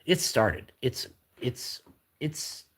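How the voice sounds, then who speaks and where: A man's voice: mid-range voice, animated, very slow, a bit bright, slight background noise. A man hosting a casual live drawing stream, reading viewer comments aloud and chatting back in a rambling, upbeat way.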